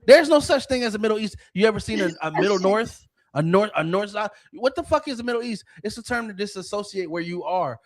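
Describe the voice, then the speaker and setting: A man's voice: high voice, lively intonation, fast talker, hardly any pauses. A man hosting a podcast, ranting in a heated, profane way and often restarting his sentences. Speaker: podcast host. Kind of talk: casual podcast rant.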